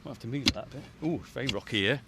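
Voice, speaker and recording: A man's voice: mid-range voice, racing, very noisy. A man, chatting casually in a field as he digs and works, often laughing. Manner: chatty, laughs often, puffing while digging. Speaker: farmer on a radio feature. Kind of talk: casual outdoor chat while working. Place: outdoors in a farm field.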